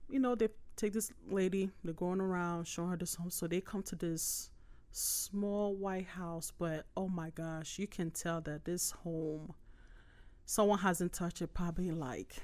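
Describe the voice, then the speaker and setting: Animated woman telling a faith story. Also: fairly low pitch, unhurried. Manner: animated storytelling, laughs often, emotional. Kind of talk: casual faith chat.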